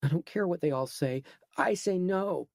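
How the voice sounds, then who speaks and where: A man voicing a terrified young woman held captive, pleading in a small high voice. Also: normal speed, darkish tone, dry recording, studio quality, natural voice. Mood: defiant.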